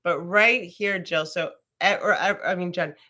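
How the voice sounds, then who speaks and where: A woman's voice: fairly low pitch, a little slow, sharp tone. A woman teaching a casual live yoga class, chatty and rambling, swearing freely as she talks.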